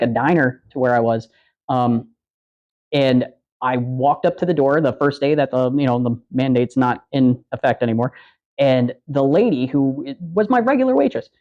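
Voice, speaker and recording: A man's voice: medium pitch, lo-fi sound. A man hosting a livestream, telling rambling, profane anecdotes in a casual chat and acting out the quotes. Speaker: podcast host on a livestream.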